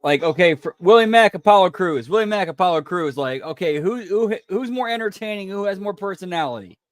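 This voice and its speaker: High-voiced chatty man hosting a watch-along. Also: animated, a little fast. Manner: chatty, rambling, with restarts. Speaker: stream host. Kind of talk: casual watch-along commentary.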